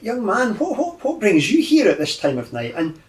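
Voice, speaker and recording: A man voicing a vampire who poses as a gentle, stammering old man in a tabletop game. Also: sits high, wildly swooping pitch, normal speed, distant mic, soft background music, pitched above the performer's own voice. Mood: doddering, polite. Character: vampire posing as a doddering kindly old man.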